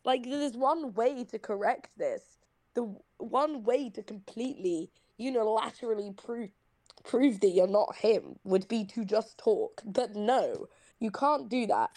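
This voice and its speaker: A woman's voice: a little high, a little slow, mellow, no echo. Woman, slight british accent, ranting over voice chat on a dry mic, swears a lot, keeps restarting. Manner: blunt, profane, ranting with restarts. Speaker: voice chat participant. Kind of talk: casual voice chat. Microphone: computer mic in voice chat.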